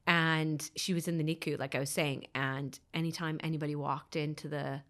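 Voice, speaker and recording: A woman's voice: deep voice, level tone, moderate pace, a bit bright. An Irish woman in her thirties, a podcast guest, earnestly telling a personal story and often repeating her phrases.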